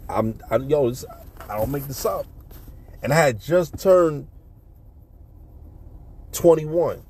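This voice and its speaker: A man's voice: fairly high pitch, expressive, slow pace, a little mellow, husky, no echo. A middle-aged man, casually telling a street story and acting out punches with sound effects. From New York City.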